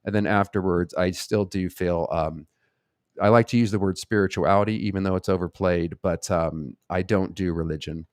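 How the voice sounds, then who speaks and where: A man's voice: sits low, fairly even intonation, normal speed, no room sound, studio quality. A man hosting a live question-and-answer stream, talking in a blunt, rambling and profane way. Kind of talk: casual live Q&A chat.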